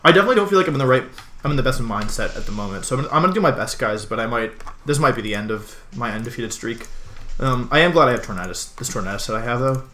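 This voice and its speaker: A man's voice: medium pitch, lively intonation, rapid-fire, bright, forceful tone. A young man from Washington, D.C. chatting casually over a Pokémon match, rambling with lots of ums and self-interruptions. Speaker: Pokémon game streamer. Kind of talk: casual game commentary.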